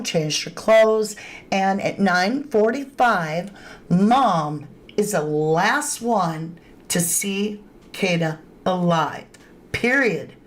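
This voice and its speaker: A woman hosting a true crime livestream in a chatty, casual way, greeting viewers by name and adding emphatic asides. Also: mid-range voice. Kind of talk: casual live-stream commentary. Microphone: webcam or phone on camera.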